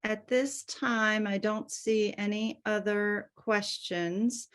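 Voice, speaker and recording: A woman's voice: mid-range voice, fairly even intonation, takes it slowly, fairly bright tone, clean tone. A woman moderating an online education webinar over a video call, casual and full of fillers.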